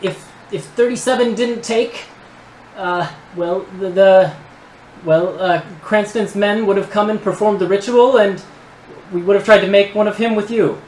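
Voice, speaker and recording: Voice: mid-range voice, unhurried, a little mellow, a little hiss or hum, voice pushed up, lightly acted. A woman voicing a panicky old male gnome inventor who stammers and pleads near tears, in a tabletop game. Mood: panicked pleading. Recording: roomy echo.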